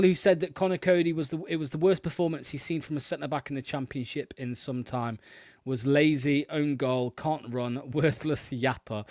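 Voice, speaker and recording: A man's voice: mid-range voice, darkish tone, no echo, clean studio sound. A man with an English accent hosting a fan call-in show, chatting in a casual, matey way and repeating short phrases. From raised in Pembrokeshire, Wales. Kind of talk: casual live-stream chat.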